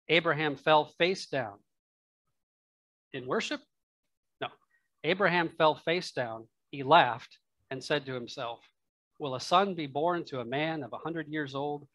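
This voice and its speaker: Conversational Midwestern pastor preaching. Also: male voice, a little high, fairly bright tone, no echo. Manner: conversational, musing aloud with asides and laughs. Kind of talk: sermon. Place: church.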